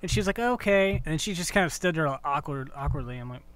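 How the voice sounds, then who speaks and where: A man, telling stories in casual chat as podcast co-host. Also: on the high side. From Kentucky. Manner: swearing, storytelling, quick and animated.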